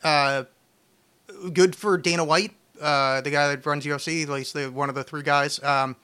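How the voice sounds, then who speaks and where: A man's voice: on the high side, steady tone, normal speed, sharp tone, clear, resonant tone. A man hosting a casual podcast chat, rambling and swearing, restarting his sentences often. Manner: rambling, profane, restarts a lot. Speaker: podcast host.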